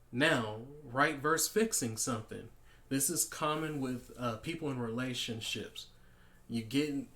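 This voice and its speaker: A man speaking in a relaxed, conversational monologue at a middle pitch. He often restarts his sentences and slips into quick acted-out exchanges to make his point. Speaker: podcast host. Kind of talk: casual monologue giving life advice.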